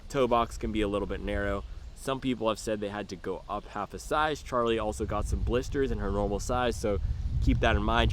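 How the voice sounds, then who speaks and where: A man's voice: fairly low pitch, slight background noise. Playful man reviewing running shoes. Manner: playful, goofy asides and drawn-out silly pronunciations. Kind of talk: casual product review.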